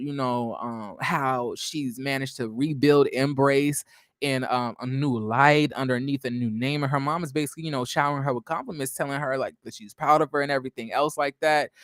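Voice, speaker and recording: A man's voice: a little high, fairly bright tone, no echo, clean studio sound. A man recapping a reality TV episode in a casual, sassy way, chatting to viewers and drifting into asides. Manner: sassy, slangy, addresses viewers as y'all.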